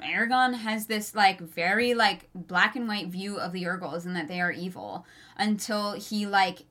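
A woman with a bright, forceful voice talks through a fantasy novel on a casual podcast. Her pitch sits mid-range for a woman. Her speech is chatty and full of fillers, with easy profanity. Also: normal speed. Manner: chatty, lots of "like" and swearing. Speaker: podcast co-host. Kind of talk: casual book discussion.

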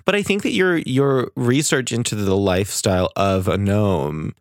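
Mock-earnest low-voiced male co-host. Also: animated, normal speed, no echo, studio quality. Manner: plays along earnestly, feeding mock-serious questions. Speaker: podcast co-host. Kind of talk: casual improvised comedy chat.

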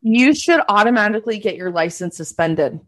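A woman's voice: medium pitch, animated, a little fast. A woman co-hosting a podcast in casual chat, earnest and explaining things at length. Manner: earnest, explains at length, rises when worked up. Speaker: podcast co-host.

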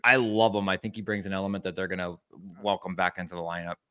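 A man's voice: deep voice, fairly even intonation, fast, a bit bright, clean tone, no echo, studio quality. A man co-hosting a casual sports chat, easygoing and laughing between his points. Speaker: podcast co-host.

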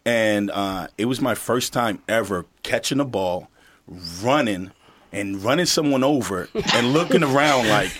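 Low-voiced man telling a story. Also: animated, measured pace, fairly bright tone, a little hiss or hum. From U.S. Virgin Islands. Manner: storytelling, laughs often, acts out quotes. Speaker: podcast co-host, football coach. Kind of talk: casual chat.

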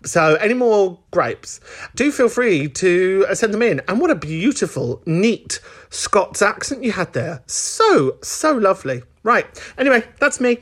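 Man, podcast host, casual chat, swooping lively pitch, laughs a lot. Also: measured pace. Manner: chatty, camp, laughs often.

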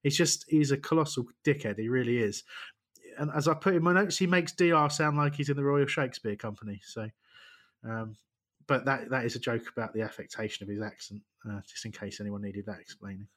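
A man co-hosting a casual football podcast, sarcastic and quick to laugh. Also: mid-range voice, fairly bright tone. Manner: jokey, sarcastic, laughs often. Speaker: podcast co-host.

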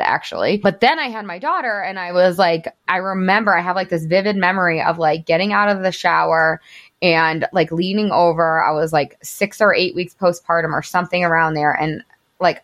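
A woman in her thirties, a podcast host and coach, telling her story in a candid, casual way with lots of "like" fillers and some swearing. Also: lowish voice.

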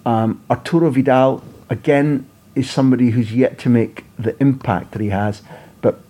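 A man tells football stories on a podcast in a husky voice, at an ordinary pitch for a man. He is animated and often repeats a phrase as he builds toward his point. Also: moderate pace. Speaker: football journalist and podcast guest. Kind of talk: storytelling podcast chat.

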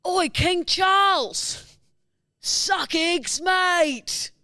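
A man playing an angry working-class British heckler, shouting and jeering in a shaky fake British accent. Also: sits high, little pitch movement, normal speed, clear, resonant tone.

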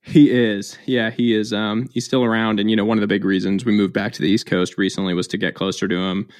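A man in his thirties speaks as a podcast guest in a fairly low voice. He tells his story candidly and reflectively, filling the gaps with "like" and "um". The recording is close and dry, with no room sound. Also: little pitch movement, fast, no room sound. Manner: candid, heavy use of "like" and "um".

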